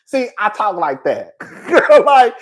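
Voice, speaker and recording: A man's voice: sits high, very animated, slow pace, husky. Sassy man, livestream gossip host, keeps laughing, playfully dramatic, "girl" every other word. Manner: sassy, laughs often, says "girl" constantly; playfully dramatic, exaggerates for effect. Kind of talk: casual livestream commentary, reading chat.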